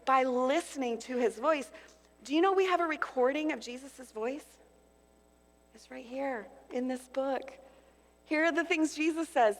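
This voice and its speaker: High-voiced woman preaching in a hall. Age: 50s. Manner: expressive, swings from loud declarations to hushed asides. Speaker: conference speaker. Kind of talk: sermon. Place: large conference hall. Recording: long hall reverb.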